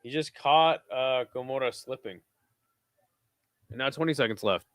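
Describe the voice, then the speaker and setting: A weary young man streams a watch-along, half calling the action and half chatting, cursing freely in a laid-back drawl. His voice is smooth and resonant. The sound is dry and close, with no room around it. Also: medium pitch, normal speed, a bit bright, dry recording. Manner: laid-back, swears freely, drifts between play-calling and chat. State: tired. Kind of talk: casual live commentary.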